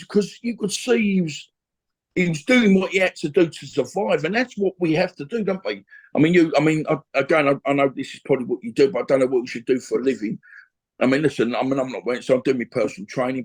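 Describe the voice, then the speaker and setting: A man's voice: medium pitch, fast, breathy edge. A middle-aged man tells a rambling story in an interview, often adding "you know what I mean". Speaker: interview guest, former boxer and gym owner. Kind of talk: conversational storytelling.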